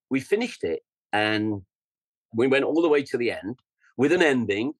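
A man's voice: medium pitch, lively intonation, normal speed, no room sound, low-quality recording. An older man with an English accent tells his stories with lots of animation. He scats rhythms and acts out quotes, and he sounds close and dry on the mic. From England. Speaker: guest musician. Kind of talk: storytelling interview.

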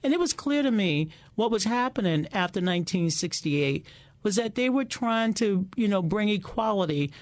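A middle-aged woman, a guest in an interview, telling lively stories about her past and often repeating words as she starts a sentence. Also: medium pitch, moderate pace, no room sound. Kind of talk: casual interview storytelling.

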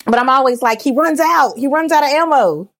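A woman guest on a casual movie podcast, with a voice a little higher than usual. She talks animatedly, filling her speech with "like" and quick laughs. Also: animated, fairly bright tone.

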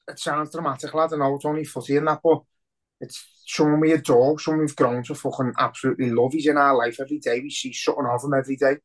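A man's voice: medium pitch, steady tone, fast talker. A man with a Liverpool accent co-hosting a casual podcast, rambling and emotional, swearing heavily. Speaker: podcast co-host.

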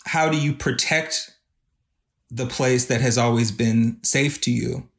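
A man guest on a podcast who speaks earnestly and reflectively, with his feelings close to the surface. His voice sits in an everyday middle pitch, and he talks with an unguarded, heartfelt manner. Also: unhurried, creaky. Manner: earnest, reflective, openly emotional. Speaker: podcast guest, video artist. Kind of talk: casual podcast conversation.

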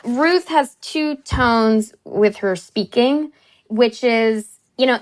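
A woman who is an actress, telling stories in a casual interview chat, chatty and animated with quick asides. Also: a little high.

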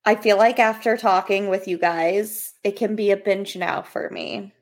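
A woman's voice: mid-range voice, steady tone, a little slow. A woman with a mid-range voice co-hosting a casual film podcast. She chats in an agreeable, upbeat way. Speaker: podcast co-host. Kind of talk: casual movie discussion.

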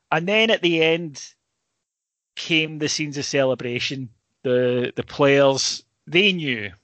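A man's voice: mid-range voice, a bit bright, no room sound. A Scottish man, a sports journalist, telling a rambling, emotional story in casual chat, full of restarts.

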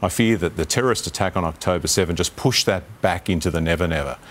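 A man's voice: deep voice, quick pace. An Australian man speaking as a politician on a live TV panel, earnest and repeating words when pressed. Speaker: politician guest.

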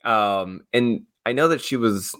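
A man's voice: medium pitch, a little slow, a bit bright, dry recording, studio quality. A male podcast co-host in casual chat, speaking bluntly and swearing freely.

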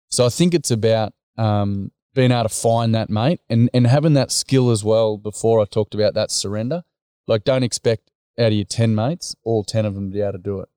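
Mellow, smooth-voiced Australian man. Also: lowish voice, no room sound, clean studio sound. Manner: storytelling, full of slang, acts out dialogue. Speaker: guest, workshop facilitator. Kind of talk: casual podcast interview.

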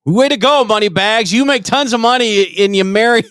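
A man's voice: high-pitched, brisk, fairly bright tone, clear, resonant tone, no echo. A middle-aged man co-hosting a comedy podcast, brash and profane, ranting in casual chat. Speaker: podcast co-host.

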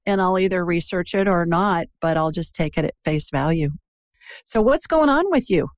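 Chatty woman from ohio hosting a call-in show, lowish voice, dry close mic. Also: moderate pace, dry recording. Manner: chatty, digressive, animated. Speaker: intuitive show host. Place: Birmingham.

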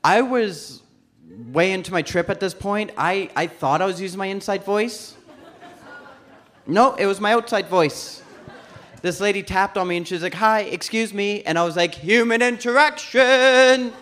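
Man, stand-up comedian, high voice, animated storytelling, stage mic. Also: normal speed. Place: comedy club stage before a live audience.

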